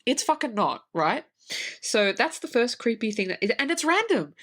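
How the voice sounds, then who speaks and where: A woman's voice: on the high side, very animated, moderate pace, fairly bright tone, husky. Swearing woman ranting about a film. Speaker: podcast co-host; horror writer. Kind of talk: casual movie review chat.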